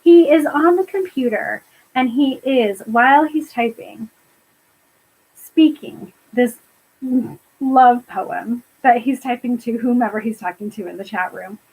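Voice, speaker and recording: A high-pitched woman co-host chatting casually about a film. She talks in an animated way and laughs often, dropping quick quotes from the characters. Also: creaky, husky, poor audio. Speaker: podcast co-host. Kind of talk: casual chat recapping a film.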